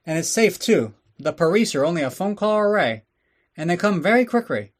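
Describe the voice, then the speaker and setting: A man voicing a brash male shopkeeper hawking his store in a mock radio ad, with a loud sing-song pitchman delivery. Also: sing-song, brisk. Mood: hard-selling.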